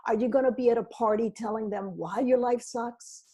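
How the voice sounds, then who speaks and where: A middle-aged woman talking as a podcast guest, rambling and animated as she tells her story and acts out what people said to her. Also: a little high, brisk. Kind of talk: casual storytelling interview.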